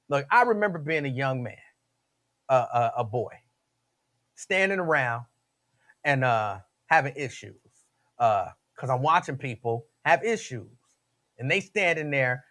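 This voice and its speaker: A man hosting a talk radio show, telling stories in an animated, slangy way. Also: high voice.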